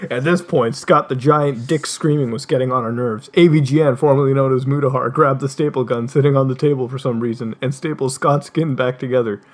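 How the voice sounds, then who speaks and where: A man's voice: mid-range voice, expressive, moderate pace, a little mellow, slight background noise. Man reading aloud, cracking up. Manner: keeps breaking into laughter while reading; swears in exasperated asides. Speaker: streamer reading a joke story aloud with friends. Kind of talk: comic read-aloud on a group call.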